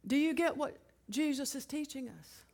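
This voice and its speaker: A woman with a high voice preaching a sermon. She speaks with emphasis and keeps putting rhetorical questions to her listeners. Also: moderate pace, darkish tone.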